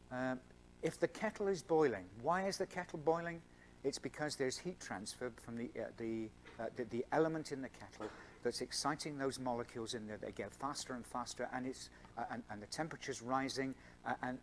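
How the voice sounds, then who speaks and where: A man with a medium-pitched voice, a scientist, gives an earnest public talk one evening to a student Christian group at a university event. He relies on everyday examples and stresses key words, over slight background noise.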